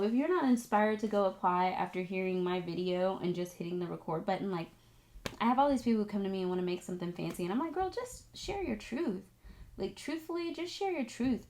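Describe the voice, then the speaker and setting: Addressing her viewers directly, a young woman, an esthetics student who vlogs, shares a story in a relaxed, rambling style thick with filler words and "like." She's lively and emotional: her voice climbs high at the big moments, and at points she's nearly in tears.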